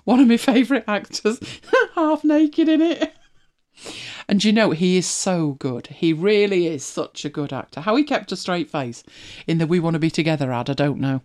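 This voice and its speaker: Reading listener comments in a casual chat, a middle-aged host from Manchester, England, rambles and laughs frequently. She has a mild Manchester accent and a lowish, slightly mellow voice with lively intonation at normal speed.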